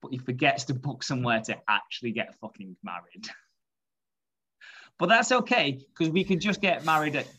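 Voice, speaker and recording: A man's voice: mid-range voice, lively intonation, moderate pace, pushed and bright, a little hiss or hum. A man co-hosting a podcast in casual chat, laughing and swearing freely as he tells stories. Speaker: podcast co-host.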